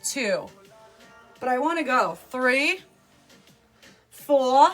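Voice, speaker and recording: A woman hosts a casual livestream, reading her chat aloud and teasing viewers with loud, sarcastic humor. Her voice sits at an ordinary middle pitch for a woman, and faint music plays underneath. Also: moderate pace. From New York. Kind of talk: casual live-stream chat, reading comments.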